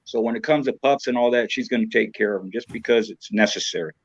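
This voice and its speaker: A man's voice: medium pitch, fast, breathy edge, dry recording. A man around sixty, from Southern California, chatting casually as a podcast guest. He rambles frankly, swears freely and leans on "you know.". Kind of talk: casual chat. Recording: dull, lo-fi, dry sound.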